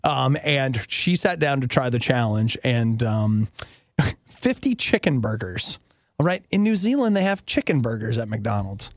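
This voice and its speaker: Male co-host, middle-aged, teasing storyteller, gravelly and dry. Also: mid-range voice, unhurried, no room sound. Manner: playful, teasing, animated storytelling. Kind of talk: casual banter on a talk show.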